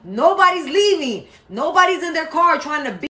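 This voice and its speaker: A woman's voice: high-pitched, sing-song, moderate pace, sharp tone. A woman retelling a confrontation in casual, heated talk, full of slang. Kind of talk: casual recounting.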